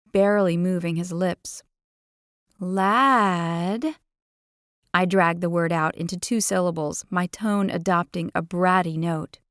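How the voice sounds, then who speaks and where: A woman narrating a first-person romance audiobook in an expressive, playful way, on a close studio mic. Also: lowish voice, dry recording.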